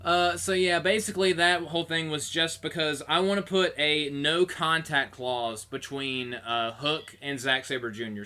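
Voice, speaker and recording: A man co-hosting a casual podcast, telling stories in an animated way and laughing often. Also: a little high. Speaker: podcast co-host. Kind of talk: casual chat.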